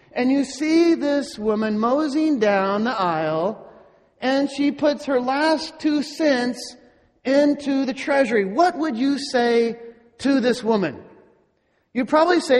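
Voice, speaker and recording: A man with a strikingly high-pitched voice delivers a sermon in a church, taking his time and posing rhetorical questions to the congregation. His words ring out with a long reverb in a large hall. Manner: slow, deliberate preaching with rhetorical questions. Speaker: pastor.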